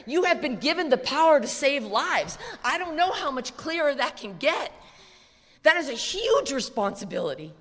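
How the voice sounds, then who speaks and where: American woman, recovery speaker, blunt and profane, bright edge, higher register, echoey convention hall. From USA. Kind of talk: live speech at a convention.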